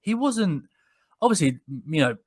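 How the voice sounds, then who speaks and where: A man, co-hosting a podcast and telling stories in casual chat, with frequent restarts and animated retelling. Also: high voice, measured pace. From England. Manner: rambling, many restarts, animated when quoting people. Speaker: podcast co-host. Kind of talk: casual conversational storytelling.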